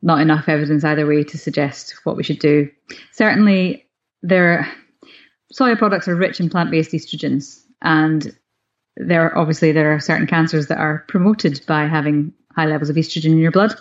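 Female expert, low-ish voice, measured explainer, dull lo-fi recording. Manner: measured, explanatory, hedging on evidence. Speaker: nutrition expert co-host. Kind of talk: casual chat. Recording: dull lo-fi sound.

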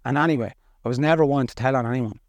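A middle-aged Irish man speaks plainly and earnestly as a guest, his words blunt and everyday. His voice sits at an ordinary male pitch. It is recorded close and dry, with no room sound. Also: racing, no room sound. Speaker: podcast guest. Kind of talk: candid personal storytelling.

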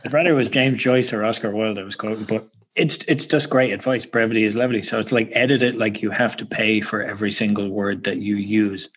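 A man with an Irish accent, chatting as a guest on a podcast and telling stories quickly, laughing often. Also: on the low side, fairly even intonation, slightly rough, low-quality recording. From Ireland. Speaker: guest author. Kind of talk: casual podcast conversation.

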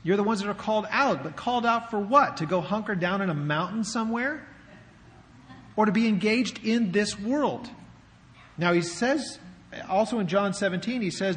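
With a long hall reverb around him, a man serving as pastor delivers a sermon in a church sanctuary. His high, somewhat bright voice is animated and moves at a moderate pace, and his style is conversational, full of rhetorical questions.

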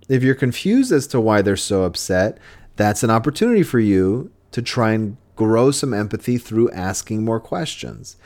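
With a medium pitch and a slightly mellow tone, this man hosts a podcast where he gives relationship advice. His delivery is earnest and casual, broken up by frequent restarts.

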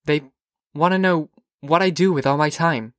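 A man voicing a curious, whimsical teenage girl in an audiobook, with lilting, eager questions that come in quick bursts. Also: fairly high pitch, no room sound, clean studio sound, natural voice. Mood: wondering. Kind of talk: audiobook character voice.

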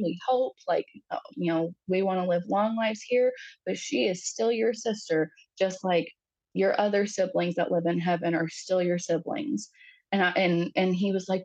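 A woman in her thirties sharing a personal story as a podcast guest, talking haltingly with many fillers and acting out the quoted voices. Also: mid-range voice, fairly even intonation, darkish tone, no room sound, rough recording.

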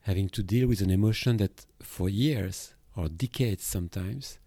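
A Belgian man with a French accent talks through a solo podcast as a therapist, thoughtful and a little halting. His voice sits low and mellow. The sound is close and dry, with no room around it. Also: no room sound. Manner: reflective, with hesitations and restarts. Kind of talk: podcast monologue on emotions.

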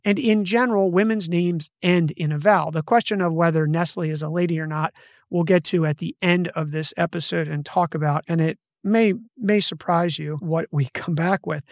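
A man's voice: on the high side, fairly even intonation, normal speed, dry recording, studio quality. A man hosting a podcast, casually walking through a research study from his notes and correcting himself as he goes. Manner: conversational, self-correcting, reads from notes. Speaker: podcast host.

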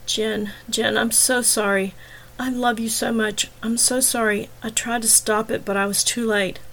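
A woman's voice: a little high, level tone, measured pace, a bit bright. Woman reading as an anxious young man. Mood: remorseful. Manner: urgent, pleading. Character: young man, anxious, impatient, guilt-ridden.

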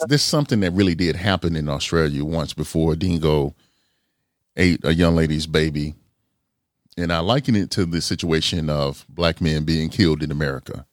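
Deep-voiced man hosting a podcast. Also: no room sound, studio quality. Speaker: podcast host. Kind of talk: casual podcast talk.

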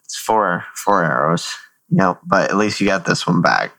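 A man's voice: sits low, lively intonation, measured pace, gravelly, a bit bright, no room sound, poor audio. A man co-hosting a casual chat, chiming in with encouraging short replies. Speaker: podcast co-host.

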